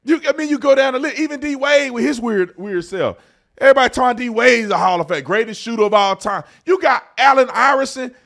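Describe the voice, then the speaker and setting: A man hosting an online commentary video, ranting heatedly and swinging between shouting and low muttering. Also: a little fast, gravelly.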